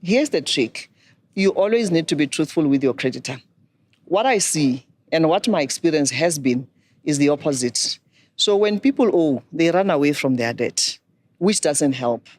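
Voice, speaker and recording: A middle-aged woman, a banking expert giving measured, instructive advice. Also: low voice, lively intonation, darkish tone. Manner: measured, instructive, poses questions to listeners. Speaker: banking and microfinance expert guest. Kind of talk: explanatory advice talk.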